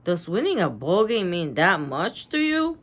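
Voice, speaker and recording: A woman's voice: lowish voice, very animated, a little slow. A woman voicing a shocked, indignant boy while reading a storybook aloud. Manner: loud, incredulous.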